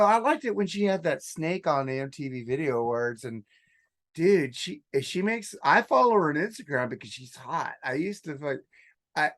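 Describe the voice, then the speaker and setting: A man's voice: fairly high pitch, dry recording, clean studio sound. A man co-hosting a podcast in casual chat, crude and joking as he rambles. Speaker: podcast co-host.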